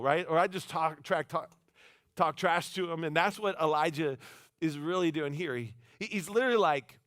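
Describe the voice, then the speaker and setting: A pastor giving a sermon in a church, telling the story in a casual, animated way with playful voiced asides. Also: male voice, a little high, a little fast, no echo, clean studio sound. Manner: casual, conversational phrasing with many restarts.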